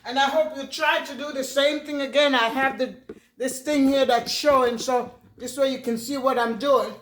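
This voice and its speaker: A woman's voice: high voice, fairly even intonation, moderate pace, far from the mic, a little hiss or hum. A woman chatting through a home cooking vlog, repeating herself and thanking her viewers. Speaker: cooking vlogger. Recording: echoey room, voice off-mic.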